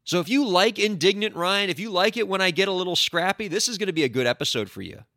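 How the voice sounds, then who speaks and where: An animated male podcast host speaks in a bright, lively voice that swings widely in pitch. He is indignant and playfully sarcastic. The close, dry recording has almost no room sound. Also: fast talker, dry recording. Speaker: podcast host, entertainment lawyer. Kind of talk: solo podcast monologue.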